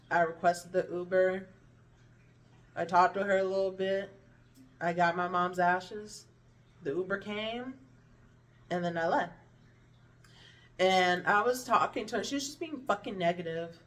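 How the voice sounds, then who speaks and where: A woman vlogger telling a painful personal story in a candid, blunt and animated way, swearing freely and acting out what others said. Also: fairly low pitch, far from the mic. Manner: blunt, profane and animated, with vivid impressions of others.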